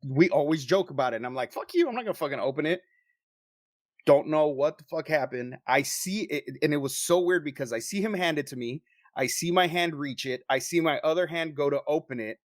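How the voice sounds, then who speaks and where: A man co-hosting a podcast, telling a story in casual chat with lots of swearing and animated delivery. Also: a little high, fairly quick, no room sound, studio quality. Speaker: podcast co-host.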